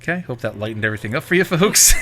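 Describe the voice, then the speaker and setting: A man hosting a podcast, giving a quick casual sign-off. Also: on the high side, pushed and bright. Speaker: podcast host.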